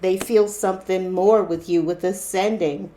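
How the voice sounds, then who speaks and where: A woman's voice: medium pitch, fairly even intonation, normal speed, mellow, a little hiss or hum. Chatty woman reading tarot cards. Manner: chatty, repetitive, exclaiming "wow" and "interesting"; addresses viewers directly with fillers. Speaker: tarot reader. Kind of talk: casual tarot reading for viewers.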